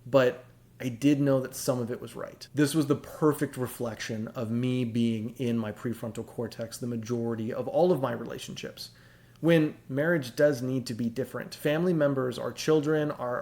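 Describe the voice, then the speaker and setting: A man's voice: medium pitch, a little mellow. A middle-aged man hosting a reflective monologue, explaining ideas in an earnest, confessional way. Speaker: host.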